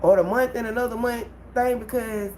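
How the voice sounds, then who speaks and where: A woman hosting her own livestream, telling a personal story in an animated way and talking straight to her viewers. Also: a little high, brisk, noisy background. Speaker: livestream host. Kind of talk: casual livestream venting.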